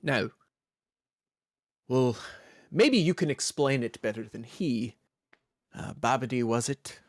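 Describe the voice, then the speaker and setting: A man voicing a gruff old dwarf lord seated on a carved throne, who talks in a drawling, folksy, suspicious way. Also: mid-range voice, lively intonation, slow pace, no echo, clean studio sound.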